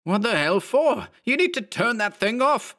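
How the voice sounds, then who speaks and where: A man voicing a panicked, furious balding man of about thirty who yells and curses in a horror audiobook. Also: sits high, animated, moderate pace, gravelly, pitched above the performer's own voice, exaggerated voice. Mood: furious yelling. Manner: yelling, cursing, frantic. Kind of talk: audiobook character voice.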